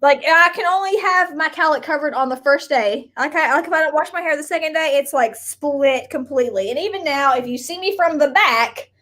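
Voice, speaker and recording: A woman's voice: high voice, brisk, hardly any pauses, a bit bright. A woman from Kentucky co-hosting a live stream, chatting casually in a rambling way with lots of filler words.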